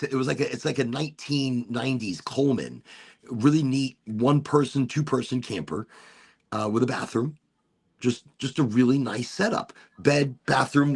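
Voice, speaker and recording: A man hosting a casual live chat show from home, rambling and repeating himself, getting animated as he tells stories. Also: medium pitch, vocal fry, slightly rough. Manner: rambling, repeats words, animated when storytelling. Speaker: podcast host.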